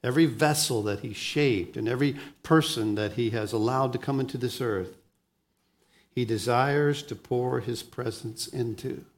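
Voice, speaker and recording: A man preaching a sermon as pastor, swinging between soft, low lines and loud, lively ones, often restarting his words. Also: normal speed.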